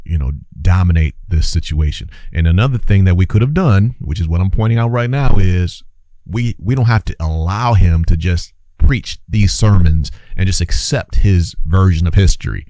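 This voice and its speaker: A man with a low-pitched, mellow voice and no room sound hosts an impassioned opinion monologue as a commentator. Preachy, urgent, and exclaiming, he repeats phrases for emphasis and calls his listeners brothers and sisters.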